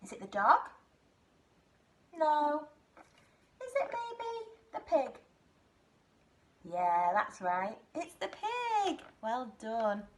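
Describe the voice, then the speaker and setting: A woman leading a nursery phonics lesson, her voice set fairly high and swooping widely up and down. She speaks slowly and gives each phrase an exaggerated sing-song lilt, the way one talks to very young children. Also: expressive, a little hiss or hum. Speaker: nursery teacher.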